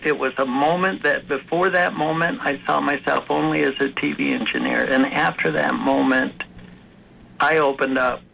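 A man's voice: a little high, steady tone, moderate pace, creaky, sharp tone, a little hiss or hum, low-quality recording. A man being interviewed, talking earnestly about personal growth and telling a story from his life, with frequent restarts. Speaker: author and guest. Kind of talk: conversational interview.

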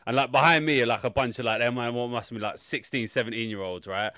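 Male co-host, wry exaggerating storyteller, mid pitch, dead dry mic. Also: fairly even intonation, fast, bright, forceful tone, smooth, no echo. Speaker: podcast co-host. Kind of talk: casual chat.

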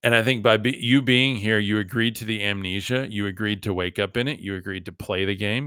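Talking to his audience as "guys" and leaning on "like," a podcast host runs through a casual, emphatic monologue. His voice sits on the low side, smooth and a bit bright, captured in a dry, studio-quality recording.

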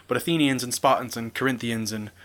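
A man's voice: mid-range voice, steady tone, fast, a bit bright. A man co-hosting a casual podcast chat, explaining history and spelling out terms as he goes.

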